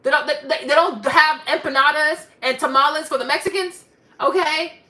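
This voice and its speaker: A woman vlogger delivering a ranting commentary, animated and emphatic, repeating herself for effect. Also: sits high, normal speed.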